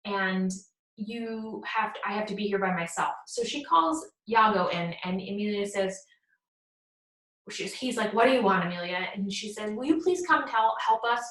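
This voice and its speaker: A woman's voice: medium pitch, lively intonation, normal speed, fairly bright tone, echoey room, low-quality recording. A woman giving a casual lecture, retelling a play's scenes in plain words and acting out the quoted lines. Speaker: teacher. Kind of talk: casual plot summary lecture.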